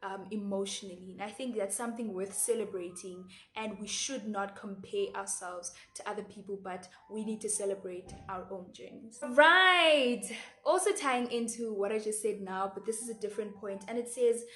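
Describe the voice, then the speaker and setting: A woman's voice: mid-range voice, normal speed, a bit bright. A woman in her twenties with a South African Xhosa accent, giving earnest, reflective life advice to camera in a casual vlog, often repeating words and slipping into Xhosa phrases. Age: 20s. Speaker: vlogger. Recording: echoey room with faint background music.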